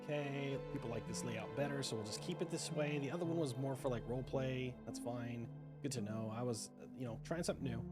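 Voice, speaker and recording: During a break in a livestreamed game, a man acting as dungeon master chats loosely on a call, rambling, restarting often, and laughing frequently. He talks fast in a medium-pitched voice, with background music playing under him.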